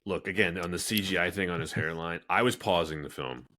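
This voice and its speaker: A man's voice: deep voice, fairly quick, pushed and bright. A man hosting a film review podcast, chatting casually and emphatically with his co-hosts. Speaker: podcast host.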